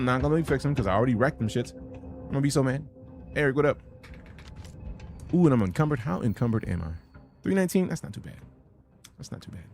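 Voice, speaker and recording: Young male game streamer, lively pitch swings, loose and profane, music faint in the background. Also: gravelly. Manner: profane, jokey, sing-song bursts. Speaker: gaming streamer. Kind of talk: casual live-stream commentary.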